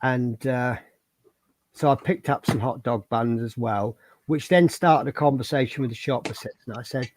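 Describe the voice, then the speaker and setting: A man's voice: mid-range voice, normal speed, no room sound. A man hosting a livestream, chatting casually and telling rambling anecdotes. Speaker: livestream host. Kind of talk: casual chat and storytelling.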